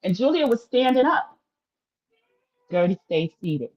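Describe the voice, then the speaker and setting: A woman's voice: mid-range voice, very animated, a little slow, darkish tone, muffled recording. A woman hosting a casual livestream recap of a reality show, chatty and opinionated, talking straight to her viewers.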